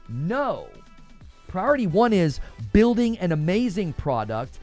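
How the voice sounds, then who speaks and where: A man's voice: sits high, very animated, measured pace, darkish tone, soft background music. A man hosting a gaming news livestream, arguing his points with emphatic, preacher-like passion and reading viewer comments aloud. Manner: fiery, preacher-like emphatic delivery.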